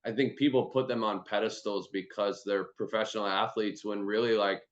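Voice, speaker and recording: A lower-voiced man chats on a video call, easygoing and profane, stringing thoughts together with "like" and "you know." The audio is dull and lo-fi, as if coming through a laptop mic. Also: steady tone, brisk. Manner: loose, chatty, swears freely, many "like"s. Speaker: host and performance trainer. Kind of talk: casual video-call chat.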